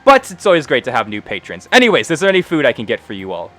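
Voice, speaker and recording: A man voicing a short, kindly older woman who runs a tavern, speaking in a gentle, motherly way. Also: mid-range voice, huge pitch swings, racing, faint music behind.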